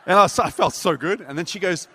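A man preaching a sermon, telling a story with animated delivery and acting out voices. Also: sits high, a little fast, breathy edge. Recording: reverberant hall.

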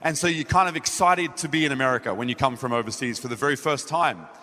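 A man's voice: medium pitch, fast, bright, forceful tone. A man with an Australian accent preaching a sermon in a meeting hall, telling a story and acting out his own lines. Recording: echoey hall.

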